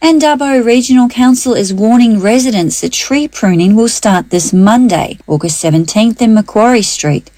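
A woman reading the local radio news in a steady, measured way. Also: fairly high pitch, no echo. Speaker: news reader.

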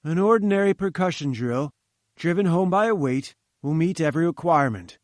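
Man reading as a haughty, booming old scientist. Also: animated, a little fast, no echo, studio quality, natural voice. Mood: imperious. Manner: commanding, curt and haughty. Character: imperious scornful older male scientist. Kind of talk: audiobook character reading.

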